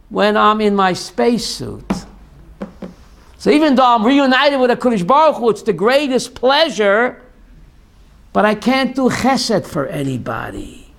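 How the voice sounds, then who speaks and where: With a very high voice marked by vocal fry, a rabbi teaches Jewish theology. He quizzes the class through call-and-response and slips animatedly into the voices of those he quotes.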